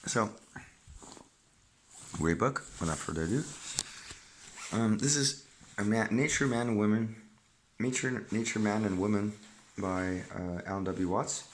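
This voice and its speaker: A man's voice: on the low side, measured pace, long pauses, slight background noise. A man chatting casually to his viewers in a rambling way, often breaking off mid-sentence, and sometimes reading aloud from a book. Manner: rambling, self-interrupting, chatty asides to viewer.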